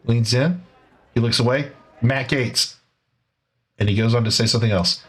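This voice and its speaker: Man, middle pitch, casual commentary host, sarcastic, conversational, narrating over footage. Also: fast talker, breathy edge. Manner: conversational, with fillers and restarts.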